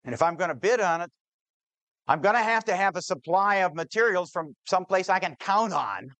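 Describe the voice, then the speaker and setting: A man's voice: sits high, animated, fairly quick, sharp tone, dry recording, heavily acted. A man voicing an earnest, hopeful builder in his story, pleading under pressure.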